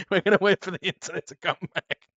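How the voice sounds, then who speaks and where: A man hosting an interview over a video call, joking around and keeping up quick banter. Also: high voice, steady tone, a bit bright, no echo, muffled recording. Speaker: interview host.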